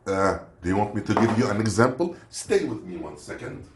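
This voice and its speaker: A Lebanese man doing an unboxing vlog rambles and jokes through a casual snack review, stopping now and then to hunt for words. His voice is on the low side, very animated and a little fast, in a roomy, echoing recording with faint noise.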